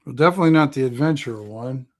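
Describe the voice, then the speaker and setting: Male game master, casual and halting, tosses in quick character voices. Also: mid-range voice. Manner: relaxed, halting with fillers, voicing characters in quick asides. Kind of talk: narrating a tabletop game.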